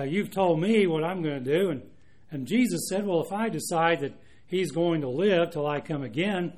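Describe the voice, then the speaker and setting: A man preaching a sermon, earnest and unhurried, with frequent restarts and fillers. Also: fairly high pitch, a little mellow.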